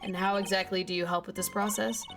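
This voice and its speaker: A woman voicing a formal, stern male prosecutor in a measured tone. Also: mid-range voice, flat delivery, lightly acted. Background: game music.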